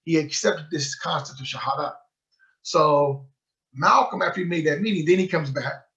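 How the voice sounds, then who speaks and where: Guy telling a story at a book club, kinda high voice, lively, muffled lo-fi audio. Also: normal speed. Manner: animated storyteller who acts out quoted dialogue. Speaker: sheikh giving a book club talk. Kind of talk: storytelling lecture. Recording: muffled lo-fi recording.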